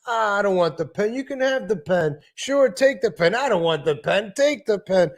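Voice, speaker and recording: A man's voice: high voice, lively intonation, moderate pace, voice pushed up. A man imitating a pushy older male New Yorker from a sitcom, bickering back and forth.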